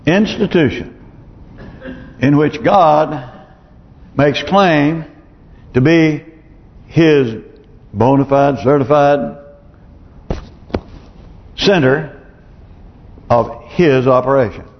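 A man preaching in a church, his fairly high voice carried by a long, ringing reverb. He talks conversationally, posing questions and clearing his throat often. The recording sounds muffled and dull. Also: extremely slow, long pauses. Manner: conversational preaching, rhetorical questions, chuckles to himself. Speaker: pastor. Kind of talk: sermon.

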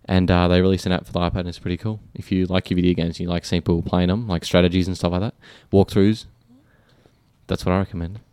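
A young man with a very low voice, chatting on a casual podcast. He talks in loose, rambling bursts and balks when pushed. The sound is dry and close. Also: little pitch movement, quick pace, warm tone, clean tone, no echo. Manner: reluctant, mumbling, laughs through attempts. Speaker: co-host.

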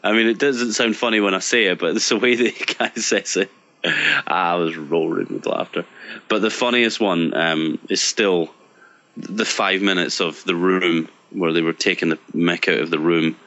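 A man's voice: low voice, normal speed. A young British man chatting casually and laughing often while telling stories. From Britain. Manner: laughs often, animated storytelling. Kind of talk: casual chat. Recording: dull lo-fi sound.

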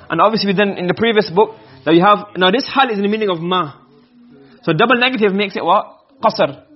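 Guy lecturing a class quick, kinda husky voice, lo-fi muffled recording, keeps quizzing students. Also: high voice. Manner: explains by asking students questions. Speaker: Arabic rhetoric teacher.

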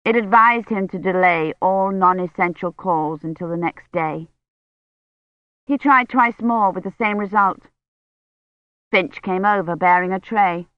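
A narrator reading a novel aloud in a measured, even storytelling voice. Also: medium pitch, no echo. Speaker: audiobook narrator. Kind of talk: scripted audiobook narration. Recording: dry, dull lo-fi recording.

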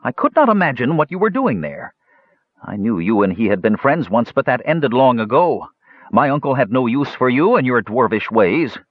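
A man's voice: mid-range voice, big pitch swings, moderate pace, no room sound, phone-quality sound, voice pushed up. A man voicing an angry young male elf who insistently makes an accusation. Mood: indignant accusing. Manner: indignant, insistent, shouting.

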